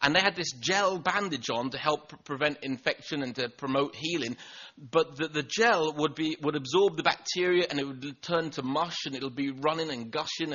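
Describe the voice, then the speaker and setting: A man preaches in a high, bright voice, earnest and prone to doubling his words as he restarts. The recording is dull and lo-fi. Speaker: pastor. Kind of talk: sermon.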